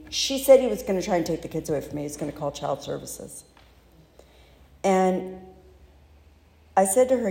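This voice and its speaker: A woman's voice: on the low side, warm tone. Candid woman in an echoey hall. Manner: candid, halting, self-deprecating. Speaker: speaker sharing recovery story. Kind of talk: personal testimony talk.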